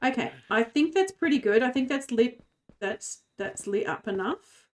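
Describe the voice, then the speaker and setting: A woman's voice: a little high, expressive, moderate pace, darkish tone. A woman streamer chatting casually while she plays a game, giggling and rambling. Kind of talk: casual gaming chat.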